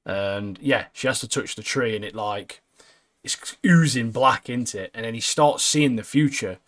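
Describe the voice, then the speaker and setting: A man's voice: mid-range voice, normal speed, fairly bright tone. A young man, co-hosting a podcast, chatting casually, laughing often and saying "mate" a lot. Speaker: podcast co-host. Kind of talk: casual chat.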